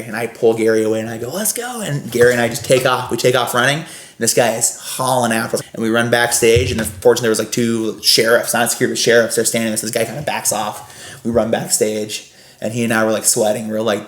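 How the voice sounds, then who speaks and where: A young man, a podcast guest, animatedly telling a story with quick asides and lots of laughter. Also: mid-range voice. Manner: lively, laughing, fast asides with filler "like". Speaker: podcast guest, former scare actor. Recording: roomy echo.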